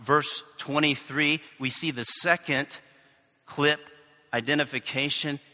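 A man from the United States preaches a sermon in a high, very bright voice. He keeps it conversational, with asides and questions to the congregation. The sound carries the long reverb of a hall. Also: steady tone, measured pace. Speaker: pastor.

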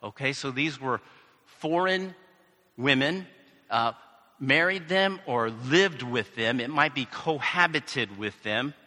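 A man's voice: mid-range voice, lively intonation, slow pace, sharp tone. A male pastor from the United States preaching a conversational sermon with asides and questions to the congregation. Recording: reverberant hall.

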